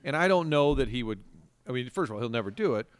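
A man's voice: mid-range voice, lively intonation, fast, clean tone, no room sound. A man co-hosting a casual podcast chat, a chatty storyteller who drops into impressions of people he talks about. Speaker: radio co-host.

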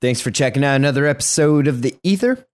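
A man's voice: mid-range voice, lively intonation, quick pace, dry recording, studio quality. A man hosting a podcast, reading a scripted outro. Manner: read from a script. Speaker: podcast host.

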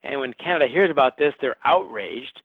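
A man's voice: medium pitch, lively intonation, brisk, breathy edge, no room sound. A male author answering interview questions, telling history with a wry, storytelling manner. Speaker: author guest. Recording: phone-like line.

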